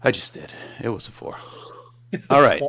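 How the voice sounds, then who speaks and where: A man's voice: lowish voice, big pitch swings, normal speed, fairly bright tone, breathy edge. A man playing in a tabletop game, making short, terse remarks. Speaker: player. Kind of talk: casual tabletop play.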